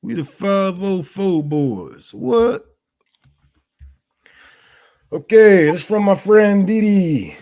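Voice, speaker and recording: A profane, joking man hosting a political livestream, his voice a little high for a man. He talks loosely and drops in crude jokes and mocking asides. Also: dark tone. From Detroit. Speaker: livestream host. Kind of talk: casual political livestream chat.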